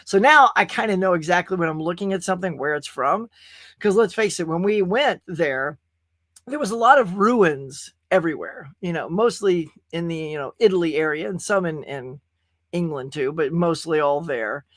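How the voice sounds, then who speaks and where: A man's voice: fairly high pitch, normal speed, fairly bright tone, dry recording, studio quality. A man hosting a casual livestream show, chatting in a rambling way and reading viewer messages aloud. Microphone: webcam stream setup.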